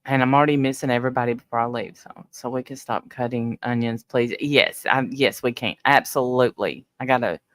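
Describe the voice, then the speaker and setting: A middle-aged woman hosting a livestream chats casually and speaks directly to her viewers, teary and emotional. Her rumbling low voice moves a little fast with few pauses. The sound is dry and close.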